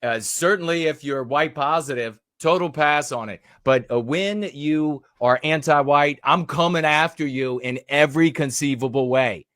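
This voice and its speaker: A man's voice: on the high side, moderate pace, hardly any pauses, fairly bright tone, no echo. Man ranting angrily, dry sound. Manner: angry, mocking, with many fillers and restarts. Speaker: commentator. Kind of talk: ranting commentary on a news clip.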